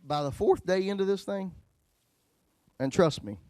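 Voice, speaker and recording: Man, pastor, storytelling sermon, folksy and joking, loud-to-hushed swings, slightly high voice, dry close sound. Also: unhurried, clean tone, dry recording.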